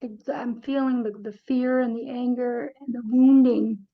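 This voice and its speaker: A woman's voice: on the high side, steady tone. Earnest woman on a dull video call. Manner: earnest, searching, halting. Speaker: group participant.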